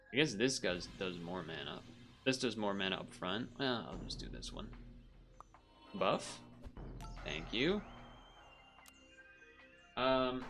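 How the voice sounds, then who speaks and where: A man's voice: medium pitch, fairly bright tone. A man streaming a game, chatting casually and rambling between moves, often laughing. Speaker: gaming streamer. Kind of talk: casual commentary while playing.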